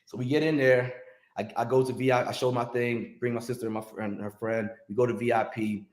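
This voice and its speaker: A man's voice: medium pitch, fairly quick. Man, podcast guest, casual storytelling, acts out the voices of others, echoey room. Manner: animated, acts out other people's lines. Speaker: podcast guest, music industry veteran. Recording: roomy echo.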